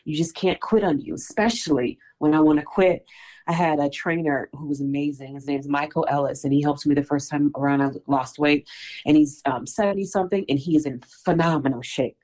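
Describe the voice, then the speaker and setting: A woman guest on a podcast talks about running, her voice sitting a little low. She speaks effusively and emotionally and often bursts into exclamations. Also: fairly even intonation, brisk, a little mellow, poor audio. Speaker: interview guest, runner. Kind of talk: conversational interview.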